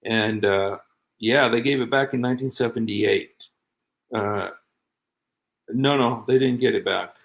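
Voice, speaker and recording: Man, gravelly voice, middle-aged, rambling livestream host, laughs a lot. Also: mid-range voice, a little slow, pauses often, low-quality recording. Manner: rambling, laughs often, animated asides. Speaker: show host. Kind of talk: casual livestream chat.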